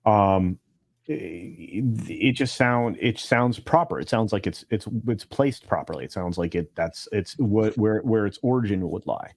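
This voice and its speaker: A man on a podcast panel in casual chat, halting and searching for words, with many restarts. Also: on the low side, animated, darkish tone, no echo.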